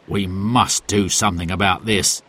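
A man voicing a calm, sensible uncle in a storybook reading, speaking in a measured way. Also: sits low, no room sound. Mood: serious.

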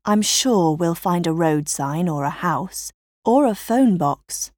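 Calm reassuring mother, read by a woman, slow soothing delivery, lowish voice, storybook. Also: dry recording, studio quality.

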